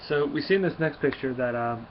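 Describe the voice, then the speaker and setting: A man's voice: fairly high pitch, a little fast. A man giving a casual, rambling comic book review, with many fillers and restarts. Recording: dull lo-fi recording, faint hiss.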